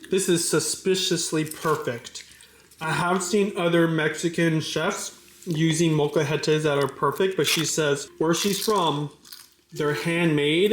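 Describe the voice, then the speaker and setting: A man's voice: a little high, a little hiss or hum. A man hosting a casual home cooking vlog, chatting to the camera and his family in an upbeat, persuasive way. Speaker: cooking vlogger and father. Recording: echoey room.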